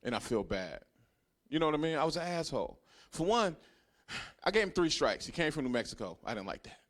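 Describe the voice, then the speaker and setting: A man in his thirties doing a stand-up comedy set, telling a profane story that swings from hushed asides to loud punchlines. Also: on the high side, very animated, a little fast. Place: comedy club stage.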